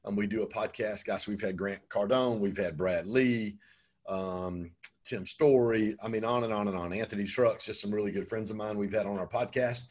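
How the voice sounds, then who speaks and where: A man's voice: fairly low pitch, steady tone, normal speed, a little mellow. A man talking as an interview guest about his business coaching, chatty and full of ums. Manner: talkative, frequent ums. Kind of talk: conversational interview.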